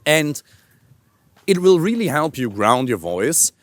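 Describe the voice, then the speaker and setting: A male coach giving an energetic, animated instructional talk to camera outdoors in a park. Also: a little high, takes it slowly. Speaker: dating and voice coach.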